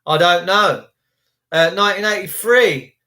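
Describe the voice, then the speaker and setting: Rambling man with a high voice. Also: a little slow, pushed and bright. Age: 50s. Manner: rambling, preachy, indignant. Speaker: vlogger on a livestream. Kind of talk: casual ranting monologue.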